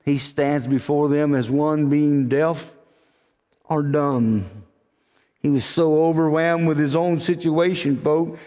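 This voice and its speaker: A man's voice: on the high side, steady tone, takes it slowly, mellow, in a large hall. A man preaching a sermon, telling folksy stories and calling his listeners "folk.". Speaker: pastor.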